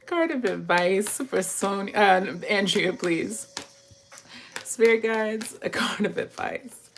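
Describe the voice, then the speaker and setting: A woman's voice: mid-range voice, expressive, slow, creaky, slight background noise. A woman giving a casual tarot reading who talks straight to her viewers, chats freely and laughs often. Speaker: tarot reader.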